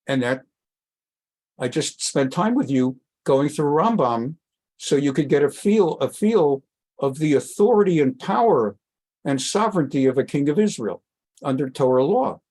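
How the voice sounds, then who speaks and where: Animated rabbi with a high-leaning voice. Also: male voice, moderate pace. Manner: animated, voice leaps up high for emphasis; reads Hebrew verses, then explains them plainly. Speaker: rabbi teaching a weekly class. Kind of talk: Bible study lecture.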